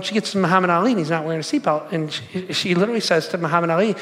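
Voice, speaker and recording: A man's voice: high voice, rapid-fire, few pauses, a bit bright, in a large hall. A man in his forties preaching a sermon, casual and conversational, telling stories and asking the crowd questions. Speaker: pastor.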